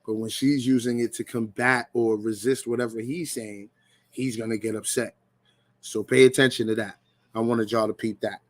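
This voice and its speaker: A man's voice: medium pitch, fairly even intonation, moderate pace, no room sound. Laid-back man giving dry commentary. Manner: laid-back, directs listeners to notice things. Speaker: podcast host. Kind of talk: casual reaction commentary.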